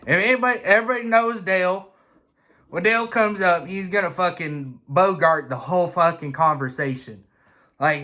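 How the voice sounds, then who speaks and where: A man telling a casual, swear-filled story in an animated way. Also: fairly high pitch. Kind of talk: casual anecdote.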